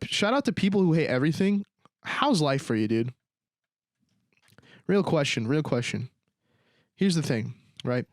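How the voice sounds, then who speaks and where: A man's voice: medium pitch, a little mellow, dry recording. Young male podcast host, casual sarcastic ranter, medium voice, dry recording. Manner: slangy, repeats "dude" and "bro", sarcastic. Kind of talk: solo casual rant.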